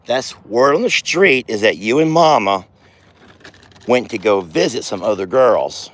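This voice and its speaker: A man's voice: fairly low pitch, expressive, a little slow, fairly bright tone. A man hosting a casual farm vlog outdoors, chatty and folksy, talking affectionately to his animals. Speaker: ranch owner and vlogger.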